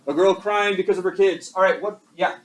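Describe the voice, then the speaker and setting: Chatty high-voiced male teacher, far off. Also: a little fast. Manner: chatty, self-deprecating, asks the class questions. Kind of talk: classroom lecture. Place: classroom. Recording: distant mic with faint classroom noise.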